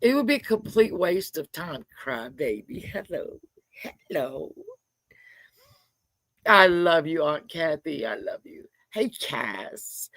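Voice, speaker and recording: A woman's voice: deep voice, sing-song, slow, a bit bright, no room sound. A middle-aged woman hosting a casual livestream from her carport, chatting, greeting viewers and ranting with frequent swearing. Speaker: livestream host. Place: home carport.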